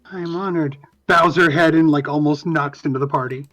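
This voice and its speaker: A man's voice: a little high, steady tone, normal speed, fairly bright tone. A man playing his character in a tabletop game, earnest and a little hesitant. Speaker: player.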